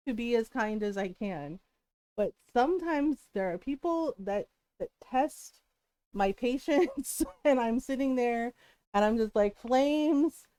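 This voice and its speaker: A woman streamer chats casually on her livestream, ranting with lots of laughter and swearing. Her voice is smooth and a little high. The sound is dry and close, with no room echo. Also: a little mellow. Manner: greets chat viewers mid-talk.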